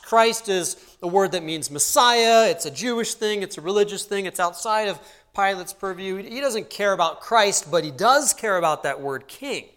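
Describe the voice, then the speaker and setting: A man giving an expository Bible teaching, measured and explanatory, letting his voice drop low and soft on asides. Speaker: preacher.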